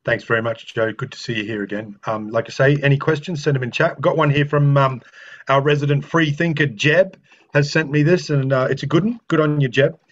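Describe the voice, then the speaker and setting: Male host, upbeat, loud, video call, dull lo-fi sound. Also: medium pitch, a little fast. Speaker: host reading chat questions. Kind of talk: hosting an online talk.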